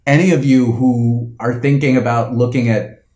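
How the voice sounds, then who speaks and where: A man's voice: medium pitch, steady tone, normal speed, a little mellow, echoey room. A man co-hosting a podcast, talking in an impassioned, opinionated casual way. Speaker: podcast co-host. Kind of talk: casual chat.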